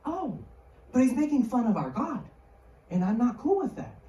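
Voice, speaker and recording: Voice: medium pitch, very animated, normal speed, mellow, lightly acted. A woman voicing a bold young male shepherd in a sermon retelling, speaking casually and confidently. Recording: roomy hall, mic far off.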